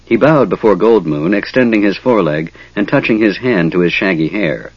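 A man narrating a fantasy audiobook in a measured, dramatic storytelling manner. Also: sits low, expressive, husky, dry recording, dull audio.

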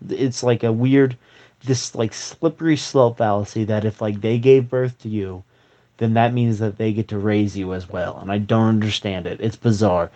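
A man's voice: on the low side, fairly even intonation, normal speed, dark tone. Smug young man in a comedy sketch. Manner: smug, mock-serious, hesitant with fillers. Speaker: comedian playing forum users. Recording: slightly dull, dry recording.

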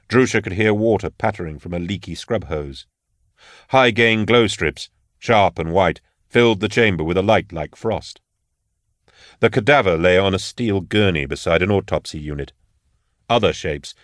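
A man narrating an audiobook in a measured, steady way. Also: sits low, no room sound, clean studio sound. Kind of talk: scripted narration.

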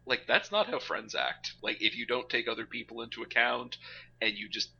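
A man co-hosting a podcast in casual chat, animated and quick to laugh. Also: mid-range voice, gravelly. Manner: animated, laughs often, puts on mocking voices. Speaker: podcast co-host. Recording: slightly dull lo-fi recording with faint background noise.

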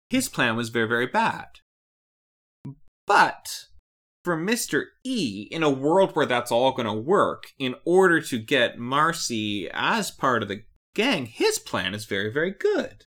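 A man's voice: fairly high pitch, wildly swooping pitch, a little slow, pushed and bright. A man co-hosting a casual podcast chat, rambling and laughing often as he explains things. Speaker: podcast co-host.

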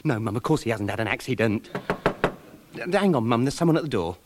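Man playing a fussy, flustered pier co-owner, lively high voice, radio sitcom, hiss. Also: fast talker, lightly acted. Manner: prim, flustered. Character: fussy, mother-led male pier co-owner. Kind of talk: 1990s radio sitcom acting. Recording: hissy archive radio broadcast.

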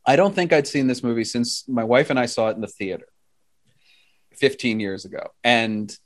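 A man co-hosting a podcast, telling stories in an animated way and laughing often. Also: mid-range voice, moderate pace. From United States. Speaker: podcast co-host. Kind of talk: casual chat.

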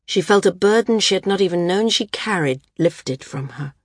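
A woman narrating an audiobook in an even, unhurried reading. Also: fairly low pitch, husky, dry recording. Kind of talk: scripted narration.

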